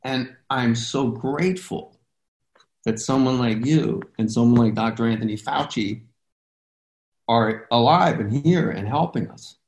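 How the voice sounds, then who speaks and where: A man's voice: medium pitch, unhurried. A man hosting an interview show, talking in a passionate, rambling and emotional way. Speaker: podcast host. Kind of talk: interview conversation. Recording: roomy echo.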